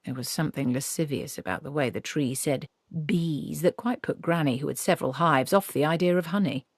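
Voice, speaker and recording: Brief: woman narrator, low voice, measured audiobook read, dry close sound. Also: dry recording. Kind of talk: reading a novel aloud.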